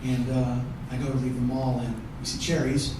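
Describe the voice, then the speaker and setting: A man's voice: medium pitch, flat delivery, normal speed. Profane man telling a story on a theatre stage. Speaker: comedian. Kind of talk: one-man show storytelling. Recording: roomy distant theatre recording, audible noise.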